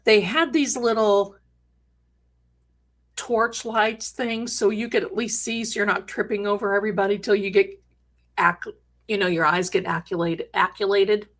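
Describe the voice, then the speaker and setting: A woman's voice: medium pitch, fairly even intonation, normal speed, a bit bright. A middle-aged woman hosting a live stream, telling a story in a chatty, dramatic way with jokey asides. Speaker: host.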